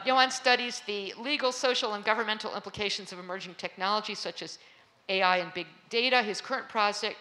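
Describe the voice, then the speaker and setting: A woman's voice: mid-range voice, bright, forceful tone. A woman moderating a conference panel in a hall before a live audience, introducing guests in a chatty way with many fillers.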